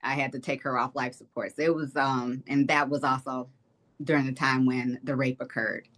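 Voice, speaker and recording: A woman's voice: extremely low pitch, flat delivery, normal speed, fairly bright tone. A woman from Detroit, a state representative, giving an earnest, reflective personal testimony as an interview guest. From Detroit, Michigan.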